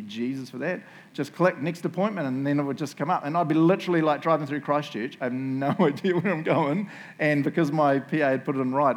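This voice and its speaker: Casual jokey New Zealand preacher. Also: male voice, mid-range voice. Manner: casual, jokey and conversational, often asking the crowd "right?" and "eh?". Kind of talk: sermon.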